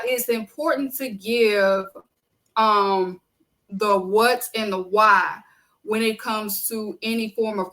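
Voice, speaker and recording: A woman's voice: medium pitch, sharp tone, low-quality recording. A woman hosting her own podcast, giving casual, emphatic solo commentary on wrestling and repeating her key points. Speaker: podcast host.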